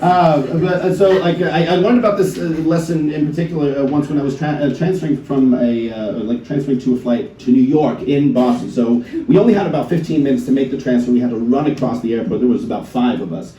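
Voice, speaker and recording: A man in his thirties with an American accent doing a stand-up comedy set, swearing and acting out people in quick put-on voices. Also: mid-range voice, dark tone, highs cut off, slight background noise. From Netherlands. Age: 30s. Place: comedy club stage with live audience. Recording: roomy club sound from a distance, crowd laughter. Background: audience laughing.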